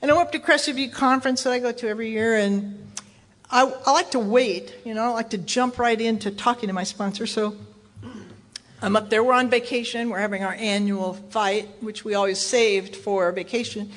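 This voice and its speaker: Woman from Texas, recovery speaker, candid self-mocking storyteller, slightly high voice. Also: fairly even intonation, moderate pace. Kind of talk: personal story told to an audience.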